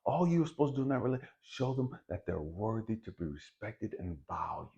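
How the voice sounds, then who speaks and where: A man giving a blunt, profane, preachy motivational spiritual talk, swinging between loud emphasis and hushed lines. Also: fairly low pitch, sing-song, fast, dull audio. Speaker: spiritual video host.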